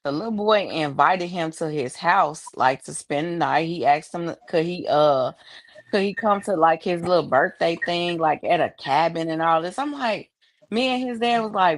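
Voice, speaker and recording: A woman's voice: lowish voice, lively intonation, normal speed. A woman who is a parent, chatting casually on a live stream and telling a story about her son. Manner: conversational storytelling, agreeing often.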